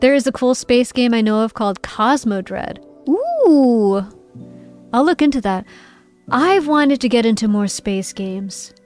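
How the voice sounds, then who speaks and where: A woman's voice: a little high, sing-song, a little slow, darkish tone. A woman streamer in a casual livestream chat, playful and giggly, reading viewers' messages aloud. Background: faint background music.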